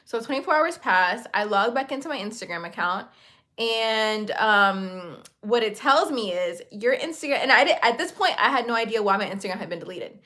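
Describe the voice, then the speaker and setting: A woman's voice: on the high side, expressive, moderate pace, sharp tone. A young woman telling a candid, chatty storytime while getting ready, swearing freely and saying "like" a lot. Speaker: beauty vlogger.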